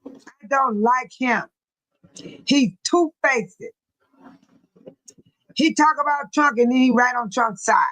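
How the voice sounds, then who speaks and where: A woman's voice: a little high, a little slow, pauses often, fairly bright tone, no echo, poor audio. An older woman hosting a casual livestream, chatting with her commenters and laughing often. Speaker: livestream host reading chat.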